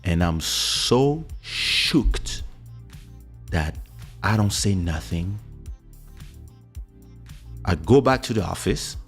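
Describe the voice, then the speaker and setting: A man, telling a personal story in a casual, animated way and acting out the voices of the people in it. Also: sits low, drawn-out words, pauses often, breathy edge, faint music behind. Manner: animated, acts out quoted voices. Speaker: podcast host telling a story.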